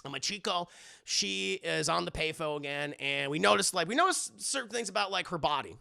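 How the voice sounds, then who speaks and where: Gravelly, bright-voiced male streamer. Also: high voice, animated, fairly quick. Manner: loose, profane, addresses chat often. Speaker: streamer reviewing an animated show. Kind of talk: casual live-stream commentary.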